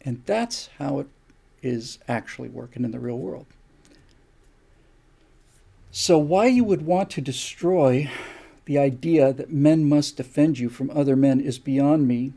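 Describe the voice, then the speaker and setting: A man's voice: mid-range voice, gravelly, warm tone. An older man hosting a show, delivering an opinion monologue with emphatic, repeated rhetorical questions. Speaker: show host.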